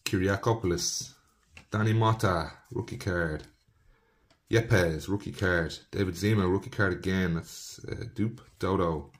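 A young man with a slightly low voice talks his viewers through a box of trading cards. He rattles off player names one after another, chatting to them casually as he goes. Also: a little slow. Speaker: trading card box breaker. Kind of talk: casual card-opening commentary.

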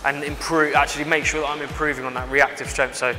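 Bright-voiced young rugby player. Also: male voice, a little high, flat delivery. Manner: halting, full of "like" and "basically". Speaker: rugby winger. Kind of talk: casual demonstration chat. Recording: reverberant space with faint music.

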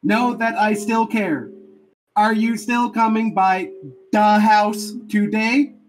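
Someone doing a flat robotic text-to-speech stepdad. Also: female voice, mid-range voice, takes it slowly, a little hiss or hum, lightly acted, rough recording. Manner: flat, clipped robotic phrasing. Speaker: improv player.

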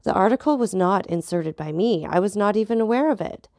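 A woman's voice: medium pitch, animated, darkish tone, no echo, studio quality, close to an everyday voice. A woman reading as a cool, ironic journalist. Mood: calm. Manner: deliberate, measured replies. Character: cool, ironic male journalist, calm and measured.

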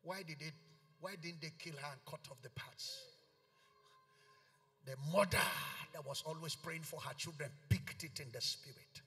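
A man's voice: fairly high pitch, very animated, moderate pace, slightly rough. A man with a Nigerian accent preaching a sermon as pastor, pleading and emphatic, repeating short commands again and again. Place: large church hall. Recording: reverberant church hall with keyboard. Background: soft keyboard music.

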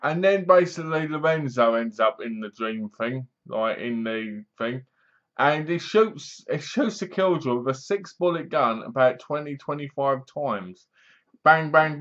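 A man's voice: medium pitch, animated, normal speed, a bit bright, muffled recording. A man reviewing a film in a casual, rambling way with wry humor. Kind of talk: casual spoken movie review.

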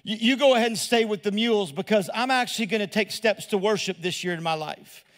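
A man's voice: high-pitched, brisk, fairly bright tone. A middle-aged male pastor, preaching in a loose, conversational way that repeats words and asks the crowd questions. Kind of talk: preaching sermon.

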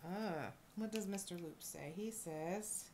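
A woman reselling jewelry, chatting casually and gushing with excitement as she unboxes a thrift lot. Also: fairly low pitch, slow, a little hiss or hum. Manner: gushing, excitable, lots of oohs and little laughs.

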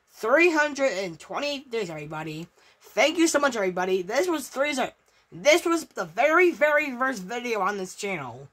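Stammering, excitable woman gaming host. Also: a little high. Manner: stammering, repetitive, profane, excitable. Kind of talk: casual gameplay commentary.

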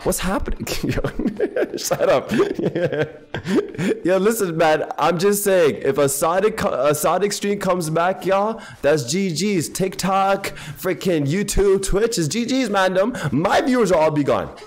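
A man of Ethiopian background giving casual gaming commentary in animated, excitable, slangy banter, tired and half awake. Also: high voice, moderate pace, few pauses. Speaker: game streamer. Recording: voice over game audio and faint music.

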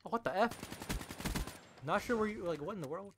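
A young man giving jumpy, excitable live commentary over his own gameplay, filling his talk with "like" and calling out to his teammates. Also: sits high, a little fast, noisy background. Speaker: gaming channel host.

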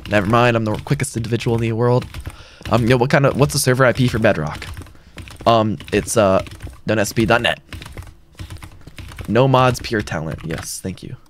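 A man's voice: mid-range voice, moderate pace, long pauses, slight background noise. Young man streaming, reading chat aloud. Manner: casual, reads chat aloud and answers it. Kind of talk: live gaming stream chat.

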